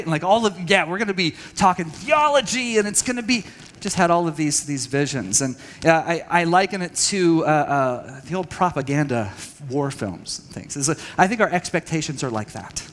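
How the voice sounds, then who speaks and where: Guy from texas talking to a church crowd, kinda high voice, rambly and self-deprecating, echoey hall. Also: a bit bright. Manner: candid, self-deprecating, many fillers and restarts. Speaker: speaker at a church parenting session. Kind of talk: personal talk to an audience. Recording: long hall reverb.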